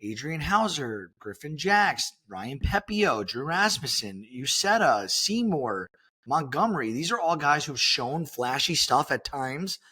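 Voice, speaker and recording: A man's voice: fairly high pitch, sing-song, a little slow, sharp tone, breathy edge. A man co-hosting a podcast, chatting casually and rambling with many fillers and restarts. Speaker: podcast co-host. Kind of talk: casual sports chat.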